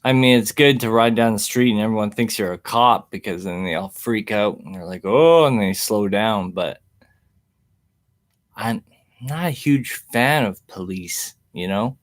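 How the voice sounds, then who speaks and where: On an indoor livestream recorded through a webcam mic, a man with a lowish voice chats unhurriedly while reading the chat. He's easygoing and rambling and chuckles a lot.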